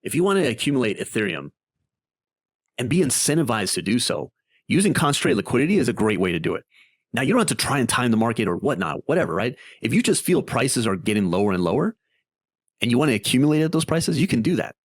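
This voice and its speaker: A man with a husky, mid-range voice walks through crypto investing on a casual screen share, talking quickly, animated and chatty, and tagging lots of sentences with "right?". No echo, clean studio sound.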